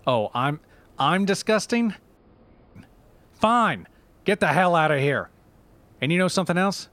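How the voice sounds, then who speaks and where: A man voicing a brash, broke single mother who is blunt and sharp-tongued, in a comedy sketch. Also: high voice, lively intonation, fairly quick, dry recording, pitched above the performer's own voice. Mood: furious.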